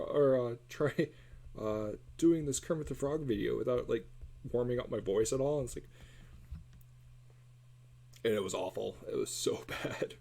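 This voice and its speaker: A man's voice: medium pitch, moderate pace, gravelly, pauses often. A man chatting casually and rambling while drawing on a livestream, with a somewhat nasal voice, recorded on a cell phone. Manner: rambling, self-deprecating, hums and sings snatches while drawing. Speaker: artist streaming a drawing session.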